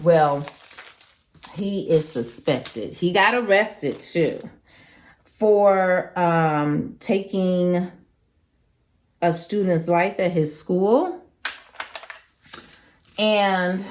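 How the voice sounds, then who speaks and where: A woman's voice: on the low side, darkish tone. A young woman hosting a crafting channel, chatting casually and emphatically with lots of slang while she works.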